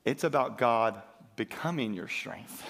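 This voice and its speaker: Emphatic preacher with a bright voice. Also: male voice, medium pitch, animated, measured pace, creaky. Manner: emphatic, call-and-response preaching. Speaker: pastor. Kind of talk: sermon. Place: church sanctuary.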